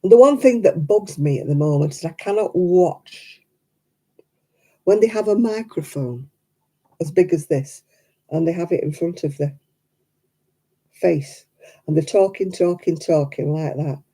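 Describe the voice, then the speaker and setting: A British woman chatting casually on her crafting livestream, mimicking people in high voices as she tells stories. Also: expressive, unhurried, long pauses, warm tone, slightly rough. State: struggling with hand pain. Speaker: livestream host.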